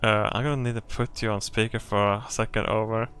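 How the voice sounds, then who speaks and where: A man's voice: on the low side, flat delivery, brisk, fairly bright tone, clean tone, lightly acted. A man voicing a formal male police radio dispatcher who ends his lines with "over". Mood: dry.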